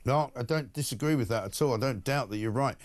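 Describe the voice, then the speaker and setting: A man's voice: medium pitch, fast talker. A man hosting breakfast talk radio, blunt, sarcastic and indignant about the news. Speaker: radio talk show host.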